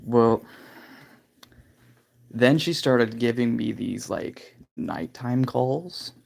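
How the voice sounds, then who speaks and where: A man with a gravelly, creaky voice tells a long personal story on his livestream. He talks candidly and loosely, piling on filler phrases as he goes. His pitch sits in an ordinary middle range. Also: drawn-out words, a little mellow. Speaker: livestream host.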